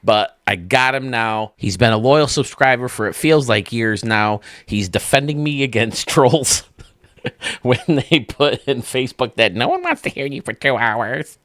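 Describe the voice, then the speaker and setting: A man's voice: mid-range voice, expressive, a little slow, fairly bright tone, no room sound, studio quality. A man hosting a video game channel, giving casual, enthusiastic commentary that rambles as he thinks aloud.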